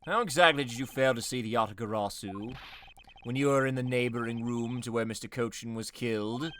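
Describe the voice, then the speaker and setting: A man voicing a composed, formal male prosecutor in a measured, deliberate way. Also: mid-range voice, a bit bright, a little hiss or hum, close to an everyday voice. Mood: calm.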